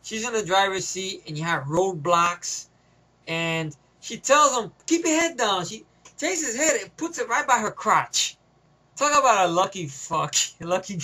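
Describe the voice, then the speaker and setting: High, bright-voiced casual male reviewer. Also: expressive, a little slow. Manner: loose and profane, chuckling often. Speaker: movie reviewer. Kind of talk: casual spoken movie review.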